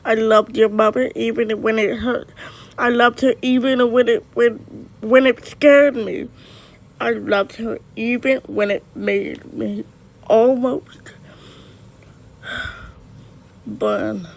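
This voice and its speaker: A performer voicing a remorseful father who apologizes to his son, speaking in a halting, earnest, pleading way. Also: mid-range voice, steady tone, gravelly, poor audio. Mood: pained. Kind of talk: amateur dramatic dialogue.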